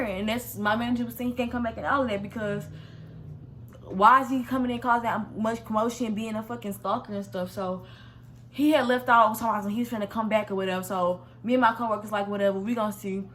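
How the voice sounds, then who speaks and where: A young woman from Missouri telling a casual storytime vlog in a slangy, animated way, with quick restarts and an exasperated tone. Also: on the high side, slight background noise. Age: young adult. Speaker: vlogger.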